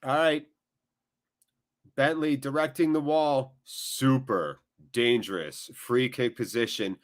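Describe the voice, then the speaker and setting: An American man hosts a live football watchalong, reading chat and calling the play. He talks in a jokey, animated way with quick bursts of play-by-play. His pitch sits in the ordinary male middle. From United States. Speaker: watchalong host.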